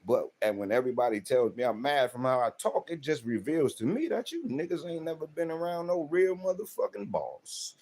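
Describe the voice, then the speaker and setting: Speaking on the high side, very animated and fairly quick with hardly any pauses, this man has a slightly mellow voice. He's a South Central Los Angeles livestream host delivering a profane, confrontational rant to chat in AAVE, full of rhetorical questions.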